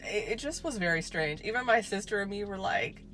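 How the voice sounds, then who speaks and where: A woman's voice: mid-range voice, animated, fairly quick, fairly bright tone, faint music behind. A woman telling a true story in a casual storytime way, chatty, swearing and saying "like" a lot. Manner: chatty, swears, heavy use of "like".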